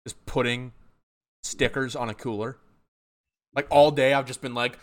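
A man's voice: mid-range voice, moderate pace, long pauses. A young man hosting a casual live-streamed chat, joking and swearing freely. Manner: profane, joking, excitable. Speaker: podcast host.

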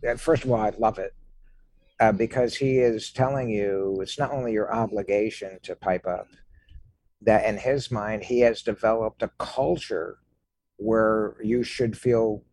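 Husky-voiced male podcast host. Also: on the low side, unhurried, dry recording. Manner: animated retelling of anecdotes. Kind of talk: interview conversation.

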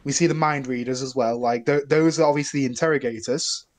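A young man, a filmmaker guest on a podcast, rambling and animated in casual film talk, laughing often. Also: medium pitch, fairly quick. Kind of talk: casual film review chat.

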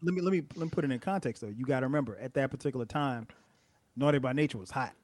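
A man's voice: medium pitch, rapid-fire, a crowd in the background. A middle-aged man co-hosting a podcast, chatting casually about a movie and thinking aloud with many restarts. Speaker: podcast co-host.

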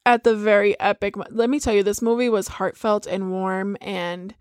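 A woman in casual chat, retelling a movie in a lively way, swearing freely and acting out the characters' lines. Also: mid-range voice, moderate pace. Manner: animated storyteller, swears freely, acts out quotes.

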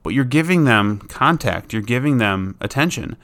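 A man in the role of a dog trainer talks through problem behaviors in a relaxed, conversational manner. His voice sits at an ordinary middle pitch. He is plain-spoken and informal, and now and then he voices what a dog might be thinking. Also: moderate pace. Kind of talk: casual instructional talk.

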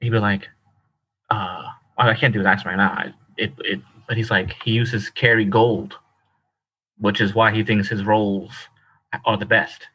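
An Irish man co-hosting a casual comedy chat, excitable and slangy, often breaking into laughter. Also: fairly low pitch, moderate pace, husky, rough recording. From Ireland. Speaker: podcast co-host.

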